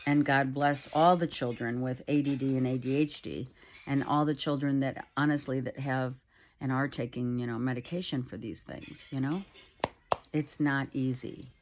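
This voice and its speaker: A middle-aged woman giving a casual tarot reading at home, talking softly and rambling, with many fillers. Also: a bass voice, fairly even intonation, moderate pace, slight background noise. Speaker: tarot reader. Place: home, with a child heard in the background.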